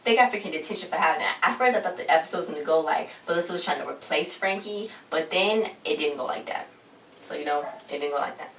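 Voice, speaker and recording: Fast-talking woman recapping a show. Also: low voice, fairly bright tone. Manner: rambling, slangy, exasperated asides. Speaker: TV episode reviewer. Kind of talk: casual recap chat. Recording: roomy echo, distant mic, faint hiss.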